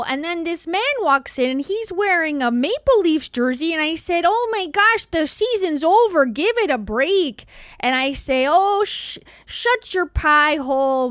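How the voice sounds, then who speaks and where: A woman's voice: high voice, a bit bright, dry recording, clean studio sound, pitched above the performer's own voice. A woman putting on a mock Canadian accent to tell an exaggerated folksy story. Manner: exaggerated, bouncy.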